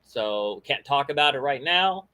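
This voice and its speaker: A man's voice: medium pitch, expressive, a little slow, sharp tone, clear, resonant tone. A man hosting a casual talk show, chatting loosely with plenty of fillers and restarts. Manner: rambling, friendly, many fillers and restarts. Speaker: podcast host. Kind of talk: casual chat.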